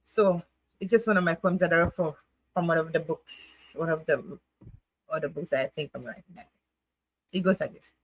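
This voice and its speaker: A woman's voice: sits low, normal speed, long pauses, husky, dry recording, low-quality recording. A woman hosting a casual poetry night livestream, chatting and laughing, coaxing viewers to join, then reading her own poem. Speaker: livestream host.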